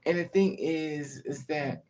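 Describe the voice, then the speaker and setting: Animated, frank woman telling a story. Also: low voice, takes it slowly. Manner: animated, swings between loud and hushed, laughing; frank and profane. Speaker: vlogger. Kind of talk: casual storytelling.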